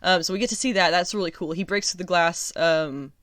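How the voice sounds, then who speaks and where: A woman hosting a casual solo review podcast, chatty and sarcastic, laughing often and filling pauses with ums. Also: on the low side, a bit bright, no echo, studio quality. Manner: chatty, lots of ums and restarts. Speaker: podcast host.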